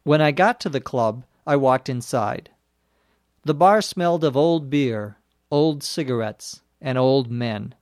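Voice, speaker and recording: A man narrating a detective story slowly and clearly, as an audiobook for learners. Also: mid-range voice, a little mellow, no echo, clean studio sound. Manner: slow and clearly spaced.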